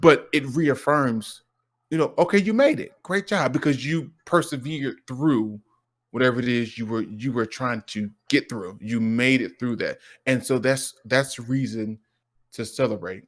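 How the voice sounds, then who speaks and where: A man's voice: medium pitch, measured pace. Guy chatting on a stream, gets worked up and emotional, restarts a lot, acts out little bits of dialogue. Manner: animated, emotional, lots of restarts and quoted dialogue. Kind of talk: casual heartfelt chat.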